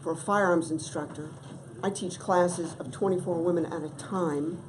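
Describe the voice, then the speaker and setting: A middle-aged woman delivers formal testimony to a committee in a fairly low voice. She is measured and emphatic and leans on key words. A faint hiss of the hearing room sits under her. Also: steady tone, poor audio. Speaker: testifying witness.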